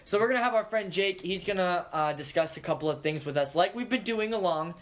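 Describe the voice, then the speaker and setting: A man's voice: high voice, expressive, quick pace. A young man hosting a casual podcast, joking and teasing with friends, often restarting his sentences. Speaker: podcast host.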